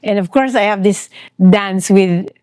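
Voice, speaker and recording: A middle-aged Filipino woman with a Filipino accent talks as a guest therapist on a podcast. Her delivery is animated and expressive, and the recording is close and dry. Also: medium pitch, a little slow, clean tone, dry recording, faint music behind. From Philippines. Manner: animated, switches between English and Tagalog. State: grieving. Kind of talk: conversational podcast interview.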